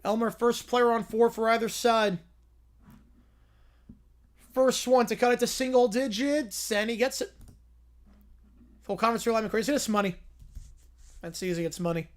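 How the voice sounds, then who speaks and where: A man's voice: moderate pace, long pauses. Man with a strained, cracking voice calling basketball. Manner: calls plays in an excited rush, then answers chat in quiet low asides. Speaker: live-stream host. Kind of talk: live play-by-play reaction commentary.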